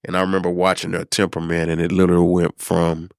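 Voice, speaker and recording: A middle-aged man from South Dallas, a podcast guest telling a personal story in an unhurried, reflective way, with many pauses and fillers. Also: deep voice, completely flat delivery, gravelly, clear, resonant tone, no echo, studio quality. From South Dallas, Texas. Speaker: podcast guest, former high school principal.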